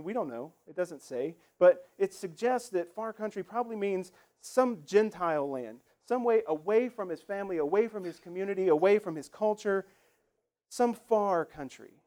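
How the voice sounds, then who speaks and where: High-voiced conversational preacher man. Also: lively intonation, normal speed, a little mellow. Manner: conversational, emphatic, acts out quoted lines. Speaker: pastor. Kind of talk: sermon.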